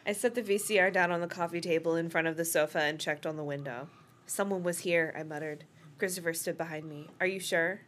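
A woman's voice: low-pitched, steady tone, quick pace, a bit bright, a little hiss or hum. A woman co-hosting a podcast, reading a novel aloud and laughing between passages. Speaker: podcast co-host.

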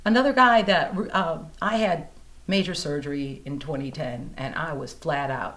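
In a relaxed interview at a music museum, a female blues singer spins stories, lively and imitating the people she quotes. Her voice sits low and she talks at a moderate pace.

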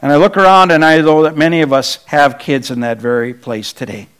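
Male pastor, middle-aged, high voice, conversational sermon full of rhetorical questions. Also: steady tone, brisk, fairly bright tone, clear, resonant tone, poor audio.

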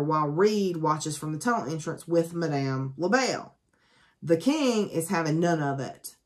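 A woman with a low voice retelling a book's plot to her viewers. She talks in a loose, chatty way with plenty of ums and uhs. She drops dry, sarcastic jokes as she goes. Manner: chatty, lots of ums and asides; sarcastic, joking. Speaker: book reviewer. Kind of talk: casual spoken book summary.

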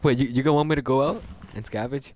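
A young man rattles off quick gaming chatter to his friends, repeating himself and cursing as he panics. His voice sits at a middle pitch. The voice-chat recording carries a clear layer of noise. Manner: frantic, repeats himself, swears a lot. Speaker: gaming channel host.

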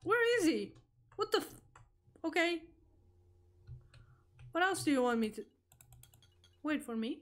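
A young woman streaming a horror game, reacting out loud, swearing and talking to the game as she plays. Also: very high voice, big pitch swings, unhurried, long pauses. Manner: jumpy, swearing, talks to the game. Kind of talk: live gameplay reaction.

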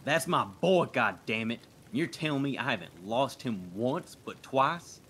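An actor playing a gruff older farmer father who lost his son, talking in emotional bursts. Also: medium pitch, animated, a little slow, a bit bright, slight background noise. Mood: anguished.

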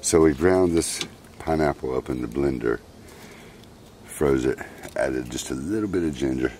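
A man with a very low, deep voice talks fondly to his pet monkeys. His manner is coaxing and doting. He is recorded outdoors, with clear noise in the background. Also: moderate pace, a little mellow. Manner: doting, coaxing, talks to the animals, chuckles often. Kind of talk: casual narration to camera. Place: outdoors at a picnic.

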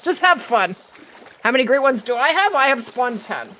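A woman's voice: on the high side, big pitch swings, moderate pace, fairly bright tone, slight background noise. A middle-aged woman streaming a hunting game live, chatting with viewers and answering their comments as she plays.

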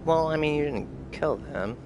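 A man's voice: a little high, animated, moderate pace, background noise. A tipsy man streaming a game, rambling goofily and making silly noises. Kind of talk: live let's play commentary.

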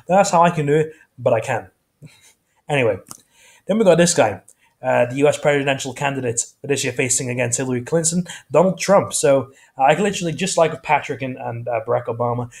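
A man's voice: medium pitch, darkish tone. Rambling casual male vlogger. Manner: rambling, self-correcting, casual. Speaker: YouTube host. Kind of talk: casual vlog chat.

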